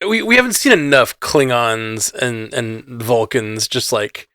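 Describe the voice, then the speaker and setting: A man's voice: mid-range voice, lively intonation, a little slow, sharp tone, dry recording, clean studio sound. A man co-hosting a podcast in casual chat, easygoing, laughing often and trailing off mid-thought. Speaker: podcast co-host.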